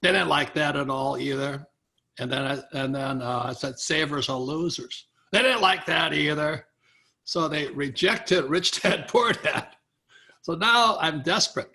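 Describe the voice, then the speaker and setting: An older man, a guest author in an interview, telling stories in an animated way and acting out what other people said. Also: fairly high pitch, creaky. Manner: animated storyteller, acts out quoted people, chuckles often. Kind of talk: storytelling in a conversational interview.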